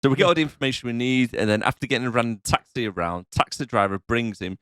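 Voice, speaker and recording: A man on a podcast with a mid-range pitch that jumps around a lot. His voice is bright and sharp, recorded dry and close. He chats playfully and laughs often. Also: animated, fast talker, no room sound. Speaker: podcast co-host. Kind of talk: casual movie review banter.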